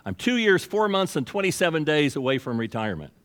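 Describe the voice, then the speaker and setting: A man's voice: mid-range voice, lively intonation, quick pace, lightly acted. A man voicing a cheerful middle-aged man eagerly counting down to his retirement.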